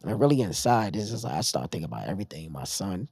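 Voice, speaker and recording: A man tells his story in a relaxed interview and acts out the voices of the people around him. The sound is close and dry. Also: low voice, quick pace, creaky, slightly rough, no echo. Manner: animated retelling, acting out others' lines. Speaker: podcast guest. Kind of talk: casual storytelling.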